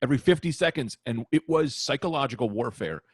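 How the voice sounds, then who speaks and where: A man co-hosting a casual comedy podcast, telling jokey stories with quick asides. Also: medium pitch, lively intonation, breathy edge, no room sound, studio quality. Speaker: podcast co-host.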